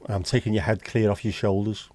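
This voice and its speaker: A man's voice: on the low side, level tone, fast, warm tone. A man with a Liverpool accent hosting a casual livestream, bantering bluntly and swearing as he chats with viewers. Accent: Liverpool (Scouse). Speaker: livestream host. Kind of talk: casual live-stream chat.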